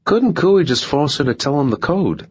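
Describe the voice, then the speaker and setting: A man's voice: a little high, animated, normal speed, breathy edge, no echo, highs cut off, voice pushed up. A man voicing a scared, nervous male accomplice who answers defensively.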